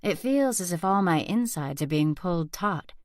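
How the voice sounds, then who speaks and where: A woman reading a first-person thriller audiobook aloud as narrator in a soft, steady whispered role-play. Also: fairly low pitch, normal speed, no room sound, studio quality. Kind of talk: scripted narration.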